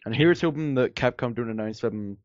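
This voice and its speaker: A man's voice: mid-range voice, fairly quick, no room sound. Rambling man on a lo-fi podcast. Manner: rambling, lots of fillers, sarcastic. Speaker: podcast co-host. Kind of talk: casual chat.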